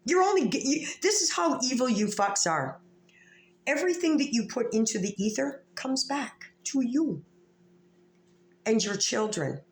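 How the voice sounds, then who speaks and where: A woman's voice: fairly high pitch, very animated, unhurried. A woman vlogger delivering a heated, profane, confrontational rant to camera in an echoey room. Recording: echoey room with faint ambient noise.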